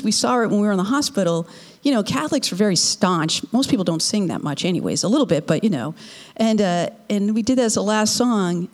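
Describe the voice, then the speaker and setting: A woman's voice: medium pitch, long reverb tail. A middle-aged woman telling a personal faith story to an audience in a conversational, emotional way. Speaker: speaker sharing a personal testimony.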